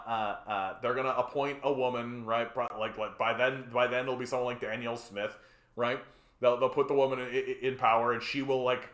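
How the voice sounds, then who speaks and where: This is ranting live-stream commentary from a man hosting a political stream, heated and profane and full of fillers and repeated words. His mid-range voice is a bit bright, and the recording carries a roomy echo.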